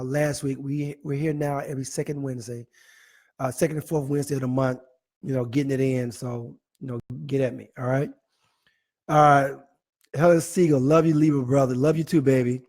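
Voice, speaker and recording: A man hosting a live online talk show, playfully reading out viewer comments with animated, teasing asides. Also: medium pitch, moderate pace. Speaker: host.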